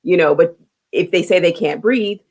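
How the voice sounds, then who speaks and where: Talk show host, woman, middle-aged, low voice, conversational and emphatic. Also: moderate pace, a little mellow. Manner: conversational, empathetic, emphatic asides. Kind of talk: casual interview chat.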